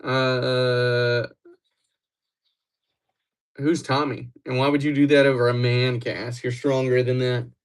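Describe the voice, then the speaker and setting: A young man from Wisconsin hosts a live stream, chatting loosely with his viewers. He rambles and teases them by name. His voice sits at an everyday middle pitch. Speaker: livestreamer. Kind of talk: casual live chat with viewers.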